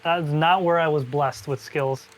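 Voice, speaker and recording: A man's voice: a little high, fairly even intonation, measured pace. A man hosting a live stream, chatting casually with co-hosts and joking at his own expense. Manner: joking, self-deprecating.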